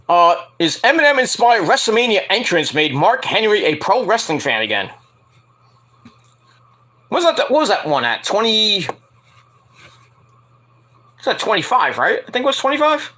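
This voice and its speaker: A man rambles through casual wrestling talk, cursing freely and laughing at his own jokes. His voice is bright and keen and swings widely in pitch, and it sits a little high. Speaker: podcast host. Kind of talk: casual wrestling news commentary.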